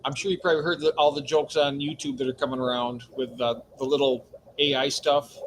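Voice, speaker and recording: A man hosting a casual livestream chat who laughs easily and talks in an animated way. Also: medium pitch, a little fast, background noise. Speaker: livestream host.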